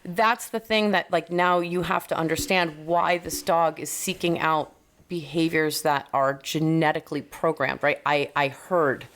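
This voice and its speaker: Low-voiced, profane woman dog trainer. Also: steady tone, a little slow, fairly bright tone. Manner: emphatic, profane, quips. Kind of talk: casual podcast chat.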